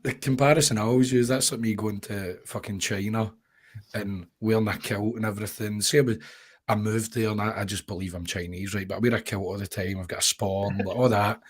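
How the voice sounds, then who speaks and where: A man co-hosts a casual podcast in a low, slightly husky voice. He talks in an animated, crude way, building jokes as he goes. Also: a little fast. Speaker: podcast co-host. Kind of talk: casual political chat.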